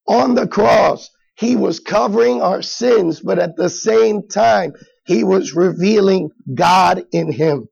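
A man's voice: high-pitched, creaky, darkish tone, slightly rough, highs cut off. A middle-aged man preaching a sermon as pastor, in a conversational style with acted asides.

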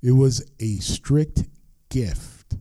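A man's voice: medium pitch, drawn-out words, warm tone, dry recording. An older man preaching a sermon as pastor, earnest and emphatic, repeating his key phrases.

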